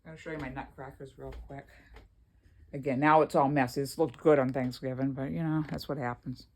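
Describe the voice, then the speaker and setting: A woman's voice: extremely low pitch, steady tone, brisk. A woman vlogging from her home in a rambling, chatty way, often laughing as she talks. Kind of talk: casual chat to camera.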